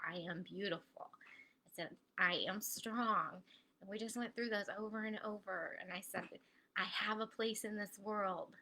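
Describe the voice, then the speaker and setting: Woman hosting a live coaching stream, bright voice, chatty and upbeat, talks right to viewers. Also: mid-range voice, vocal fry. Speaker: host of online training.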